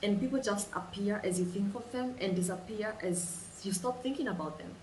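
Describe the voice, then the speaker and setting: Woman, animated storyteller, repeats phrases, echoey room. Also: mid-range voice, normal speed, slight background noise. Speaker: vlogger. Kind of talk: guided imagination exercise. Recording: roomy sound, distant mic, faint ambience.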